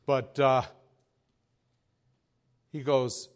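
Slow-talking pastor, folksy and lively. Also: male voice, medium pitch, clear, resonant tone. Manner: folksy storytelling, chuckles, swings from quiet asides to raised exhortation. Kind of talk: sermon.

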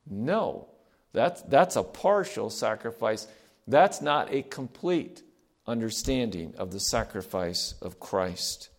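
A man's voice: on the low side, animated, slow pace. Man, middle-aged, preacher, sermon, emphatic, repetitive, call-and-response. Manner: earnest, emphatic, repeats key phrases, varies loudness widely.

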